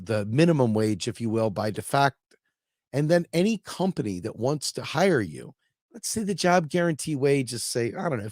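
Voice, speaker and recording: A man's voice: mid-range voice, a little mellow, no echo, clean studio sound. A man hosting opinionated solo political commentary who talks bluntly, with swearing and sarcasm.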